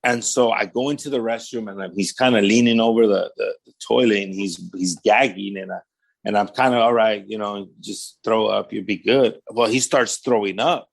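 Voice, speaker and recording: A man's voice: on the low side, fairly even intonation, moderate pace, creaky. A man with a Southern California accent telling his testimony in casual storytelling style, acting out the voices in his quotes and filling with "man" and "right?". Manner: conversational, fillers like "man" and "right?".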